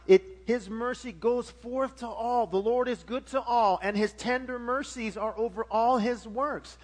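A man's voice: high voice, fairly bright tone. A middle-aged man preaching a sermon as pastor, emphatic with frequent restarts and swelling volume.

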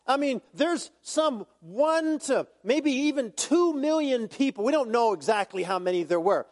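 A man preaching a sermon as pastor, conversational and lively, with humorous asides. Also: very high voice, unhurried. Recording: long hall reverb.

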